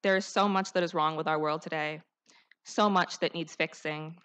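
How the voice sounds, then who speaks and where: A woman's voice: low-pitched, steady tone, normal speed, a bit bright, smooth. Earnest teenage girl giving a graduation speech. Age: teens. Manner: earnest, heartfelt, rousing. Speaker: student speaker, salutatorian.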